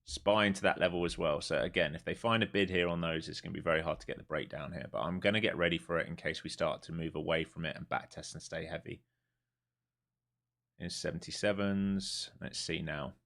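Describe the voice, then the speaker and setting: A man streaming live as a day trader, giving running commentary to viewers, dropping to mutters and then rising into excited bursts. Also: deep voice, brisk, gravelly.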